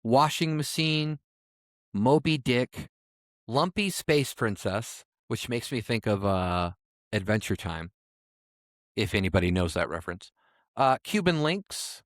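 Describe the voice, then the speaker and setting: Lively-pitched man with wry asides. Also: a little slow, pauses often, no room sound, studio quality. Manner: reads out odd names with wry asides. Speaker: podcast co-host. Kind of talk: casual chat.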